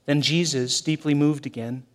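A male pastor preaching a sermon in a church, shifting between loud emphasis and hushed softness. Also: a little high, normal speed. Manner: expressive, swings from loud to hushed.

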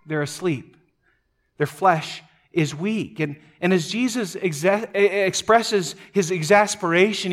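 A man's voice: high voice, fairly bright tone. A man preaching a sermon as pastor, telling a story earnestly with frequent restarts.

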